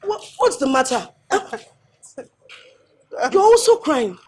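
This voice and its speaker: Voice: sits high, big pitch swings, slow, slight background noise, heavily acted. A performer playing a frantic mother who anxiously asks what happened to her child, with a Nigerian accent. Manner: pleading, anxious questioning.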